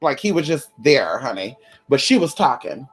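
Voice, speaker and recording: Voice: medium pitch, normal speed, breathy edge. A profane, chatty spiritual vlogger. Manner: profane, animated, talks straight to viewers; storytelling with frequent "girl", "honey", "y'all". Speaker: spiritual content creator. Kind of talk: casual chat to viewers.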